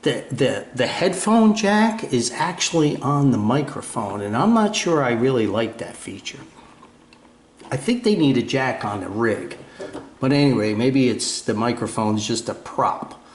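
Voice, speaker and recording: Older New Jersey man, mid-pitched, rambling and self-mocking, home radio room with a boomy echo. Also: very animated, measured pace, slight background noise. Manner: rambling and self-deprecating, with fillers and restarts. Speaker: ham radio video host. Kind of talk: casual show-and-tell chat. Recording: echoey room.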